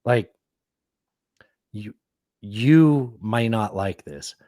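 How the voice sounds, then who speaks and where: A man's voice: fairly low pitch, very slow, mellow, dry recording, clean studio sound. A man co-hosting a podcast, reacting to clips in casual chat with a riled-up, sarcastic manner and lots of restarts. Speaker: podcast co-host.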